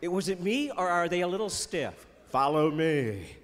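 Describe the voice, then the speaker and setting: A man's voice: high-pitched, expressive, fairly quick, a bit bright, big-room sound. A man doing chatty Christian stand-up comedy on stage, with playful jokes and asides. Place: festival stage before a live audience.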